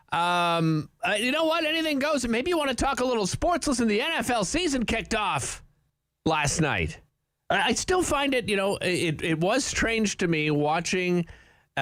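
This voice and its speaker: A man's voice: high voice, a bit bright, no room sound. A man hosting an open-line radio talk show, chatty and rambling, from Canada, with frequent restarts.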